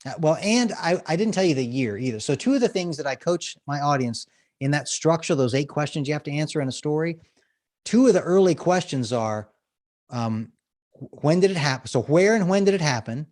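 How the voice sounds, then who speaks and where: A man, a storytelling coach, explaining techniques and telling an example story on a podcast interview, animated and laughing often. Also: a little high, fairly quick. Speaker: guest, business storytelling coach.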